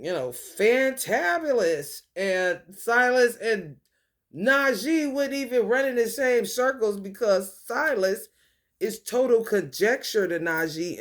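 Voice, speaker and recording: Profane rambling woman. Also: mid-range voice. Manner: profane, free-associating, animated. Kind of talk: rambling casual monologue.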